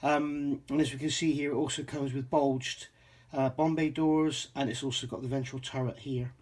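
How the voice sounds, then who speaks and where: A man's voice: mid-range voice, level tone, normal speed, a little mellow. A man from England casually reviewing a scale model kit, chatty with frequent ums and self-corrections.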